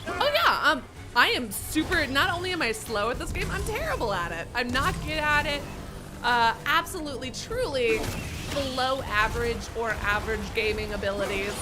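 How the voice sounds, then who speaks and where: A woman's voice: high voice, sing-song, moderate pace, over music. A young woman streaming a game live, chatty and self-mocking, swearing often as she talks to her viewers.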